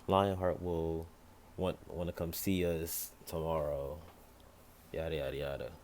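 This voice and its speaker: A man's voice: rumbling low, level tone, a little slow, a little mellow, slight background noise. A man narrating an improvised fan story in casual, rambling fashion, with many fillers and restarts.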